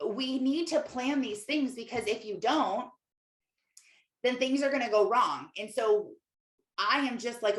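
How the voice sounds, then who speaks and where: A woman's voice: on the high side, lively intonation, moderate pace, fairly bright tone. A young adult woman, a Christian life coach and podcast host, talking candidly in a casual monologue full of "like" fillers. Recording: echoey room.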